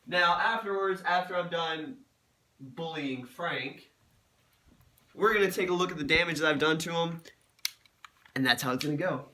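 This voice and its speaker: A man's voice: fairly high pitch, moderate pace, long pauses, sharp tone, a little hiss or hum. A man vlogging in a casual, crude and joking way, cursing often. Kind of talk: casual vlog commentary.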